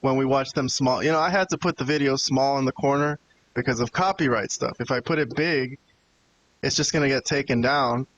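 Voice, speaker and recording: A man hosting a wrestling podcast chats casually, rambling and swearing as he vents to his co-hosts. His mid-range voice is a bit bright and fairly quick, though the recording is muffled with a little hiss or hum.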